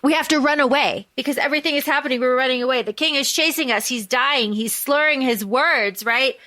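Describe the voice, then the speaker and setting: Bright-voiced woman recapping a book. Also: high voice, a little fast. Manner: animated, swears freely, recaps plot excitedly. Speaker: podcast co-host. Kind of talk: casual book chat.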